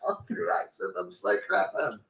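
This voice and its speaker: A man with a Cockney accent co-hosting a casual beer-tasting chat, agreeable and quick to chime in with yeahs. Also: fairly bright tone. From East End of London. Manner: agreeable, lots of yeahs and restarts. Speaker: podcast co-host. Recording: roomy echo.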